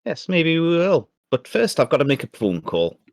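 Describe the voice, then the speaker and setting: A man playing a character in a tabletop game, speaking in character with a lively manner. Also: a little high, normal speed, no echo, studio quality. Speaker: player.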